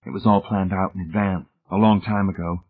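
A husky-voiced man voicing a prim, cold, controlling spinster who speaks calmly and matter-of-factly, recorded with a tinny phone-like sound. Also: sits low, fairly quick. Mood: quietly proud. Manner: calm, matter-of-fact, quietly proud.

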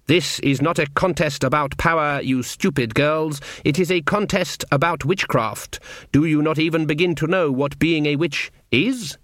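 A man's voice: on the high side, moderate pace, fairly bright tone, dry recording, clean studio sound, lightly acted. A man voicing a fierce old grandmother who scolds in old-fashioned rustic speech. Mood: scolding.

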